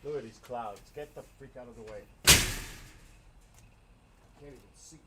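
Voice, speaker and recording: A man's voice: medium pitch, moderate pace, background noise. A man hosting a casual livestream, chatting and reacting to viewer comments with frequent exclamations. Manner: excitable, frequent exclamations and laughter. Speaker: livestream host.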